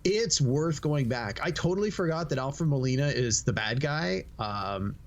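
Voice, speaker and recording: A podcast co-host chats casually, speaking at a normal speed with a medium-pitched voice. He's an animated storyteller who performs the quotes in his stories.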